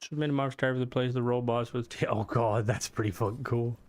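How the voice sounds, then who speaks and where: A man streams a video game and rambles casually to his viewers, swearing freely and drifting between topics. His voice sits at an ordinary middle pitch for a man. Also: steady tone, fairly quick. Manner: rambling, profane, chatting with viewers. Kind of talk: casual live-stream chat.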